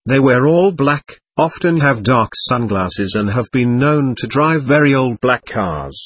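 Husky-voiced man reading a story. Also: mid-range voice, lively intonation, a little slow, no echo. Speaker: narrator. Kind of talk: first-person audiobook narration.

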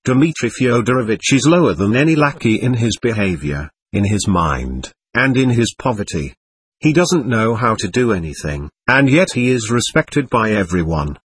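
A man's voice: fairly low pitch, sing-song, normal speed, breathy edge, no room sound. A man reading the part of a sullen, scornful young male servant who speaks in a curt, resentful way, in an audiobook.

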